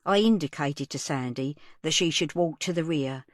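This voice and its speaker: A woman narrates an audiobook in a plain storytelling manner. Her voice sits on the low side. The studio recording is close and dry, with no room sound. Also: moderate pace, few pauses, dry recording. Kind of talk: first-person audiobook narration.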